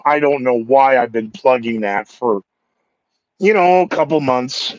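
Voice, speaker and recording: A man's voice: medium pitch, measured pace, no echo. A man hosting his podcast in a casual monologue, a former radio DJ with a sore throat, self-mocking and acting out the people he quotes. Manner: animated, acts out quoted coworkers, self-mocking. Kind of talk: casual monologue with news headlines. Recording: dull lo-fi, dry close sound.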